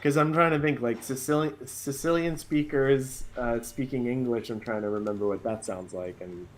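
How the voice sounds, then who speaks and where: A man chatting casually as a guest on a talk stream, laughing often and halting with fillers. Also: medium pitch, slight background noise. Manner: giggly, laughs between phrases, halting with fillers. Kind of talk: casual chat.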